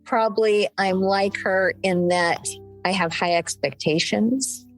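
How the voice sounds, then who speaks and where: A woman's voice: medium pitch, steady tone, slow pace, soft background music, rough recording. An older woman, an interview guest, speaking candidly about her late mother, laughing through tears now and then. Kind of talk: emotional conversational interview.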